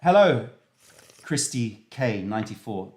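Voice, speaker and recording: A man's voice: on the low side, big pitch swings, measured pace. Man, stream host, playful and jokey, reads chat aloud, casual. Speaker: tea shop live stream host.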